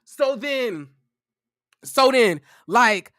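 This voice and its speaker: A man's voice: very high voice, animated, very slow, bright, forceful tone, no room sound, clean studio sound. A young man in his twenties tells a personal story in a casual, profane, fired-up way. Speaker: vlogger.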